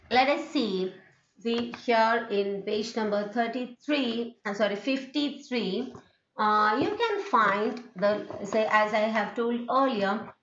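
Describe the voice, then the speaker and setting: A woman's voice: fairly high pitch, a bit bright, slight background noise. A woman teacher with an Indian English accent, giving a recorded university lecture on intonation and patiently repeating each point with "okay". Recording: echoey room, dull lo-fi sound.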